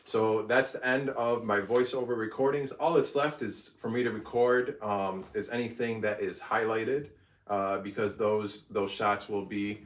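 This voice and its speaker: Low-voiced man recording recipe voiceover takes. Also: fairly even intonation, unhurried, slight background noise. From Egypt. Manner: stops mid-phrase, laughs at his slips, redoes takes. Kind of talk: casual behind-the-scenes vlog with recipe voiceover takes. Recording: roomy, mic some distance off.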